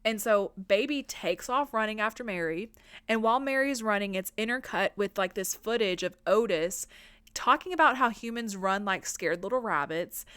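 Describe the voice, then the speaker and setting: A woman recapping a film on her podcast in a loose, chatty way, swearing freely and leaning on filler words. Her voice is smooth and clear, and the sound is dry and close with no room around it. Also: medium pitch, expressive, moderate pace, fairly bright tone, no echo. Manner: chatty, profane, lots of "like" fillers. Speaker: podcast host.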